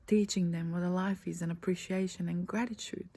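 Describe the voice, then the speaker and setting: This life coach's dark voice is fairly low in pitch and steady in tone as she delivers a motivational talk softly. Earnest and slow, she stresses her words and often sinks into a breathy near-whisper; the recording is rough, with faint background noise.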